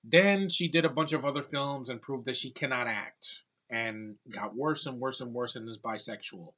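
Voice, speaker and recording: A man's voice: mid-range voice, normal speed, bright, forceful tone. Exasperated man ranting about a movie. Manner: blunt, exasperated, swears casually. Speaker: movie reviewer.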